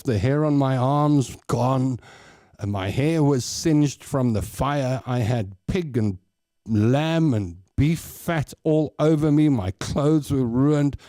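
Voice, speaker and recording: A man's voice: mid-range voice, dark tone, no room sound. A man with a South African accent hosting a show, telling rambling personal stories in a casual way. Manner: chatty, rambling anecdotes with repeats. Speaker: show host. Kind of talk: casual storytelling.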